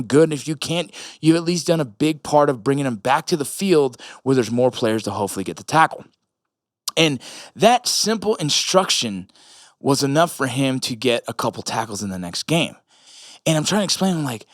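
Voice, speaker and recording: A man's voice: a little high, no room sound, clean studio sound. A man in his thirties, an army veteran and father, talking casually into the camera in a blunt, profane, rambling way. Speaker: military veteran and father sharing reflections. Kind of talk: casual vlog talk.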